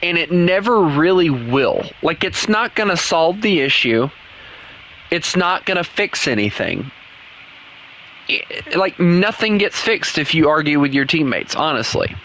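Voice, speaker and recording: A man streams a tank game and chats to himself as he plays, with a fairly high voice. He talks casually, often laughing at what happens on screen. Clear game noise runs under his voice. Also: very animated, a little slow, sharp tone. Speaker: gaming streamer. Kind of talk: casual gameplay commentary. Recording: noisy game audio underneath.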